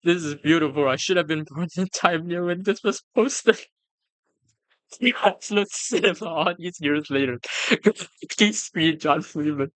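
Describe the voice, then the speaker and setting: A streamer reacting on a live stream in a casual, excitable way, laughing often, swearing freely and stammering through restarts. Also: mid-range voice, unhurried, dry recording. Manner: stammers and restarts when flustered.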